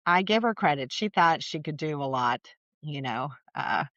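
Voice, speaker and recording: A middle-aged woman, a podcast guest, telling family stories in a chatty, animated way with lots of fillers. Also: deep voice, moderate pace, dry recording, muffled recording. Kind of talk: casual storytelling conversation.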